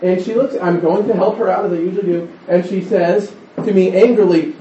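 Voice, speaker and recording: A man's voice: high-pitched, fairly even intonation, brisk, few pauses, reverberant, distant mic, lo-fi sound, background noise. A middle-aged man preaching a conversational sermon, rambling with restarts and stories.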